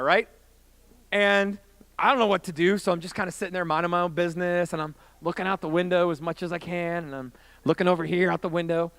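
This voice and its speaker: A man in his late twenties, a youth pastor telling a story in a sermon and acting out the quotes, his voice rising to shouts. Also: a little high, no echo. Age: 20s.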